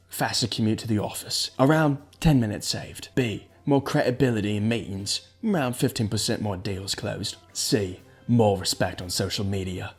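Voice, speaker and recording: A man's voice: on the low side, a little mellow, breathy edge. A man voicing a smug CEO in a put-on British accent, delivering it pompously. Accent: attempted British.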